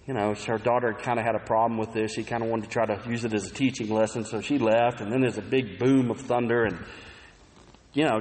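A man preaching a sermon in an earnest, storytelling way, pushing some words up hard and letting others drop to a soft aside. His voice sits at an ordinary middle pitch. It carries a long reverb, as in a church sanctuary. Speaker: pastor.

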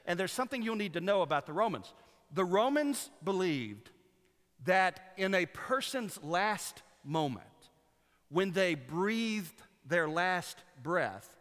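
A man preaches in a church, earnest and rhythmic, circling back to phrases for weight. His voice sits a little high and rings bright. It trails off into a long echo through the sanctuary. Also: very animated, takes it slowly. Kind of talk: sermon. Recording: long hall reverb.

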